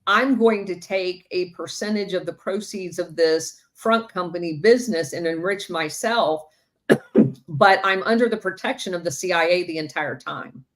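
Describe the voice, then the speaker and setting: A woman's voice: on the low side, moderate pace. A woman co-hosting a podcast, chatting casually and adding brief points.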